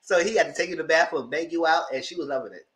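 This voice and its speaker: A TV show reviewer giving a casual recap, animated and laughing, acting out the characters in squealing high voices. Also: racing. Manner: laughs through the story.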